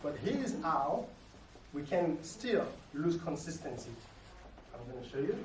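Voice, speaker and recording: A man teaching a dance lesson, explaining ideas simply and ending his points with quick tag questions. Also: a little high, sing-song, slight background noise. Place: dance studio. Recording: echoey room, mic far off. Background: music playing.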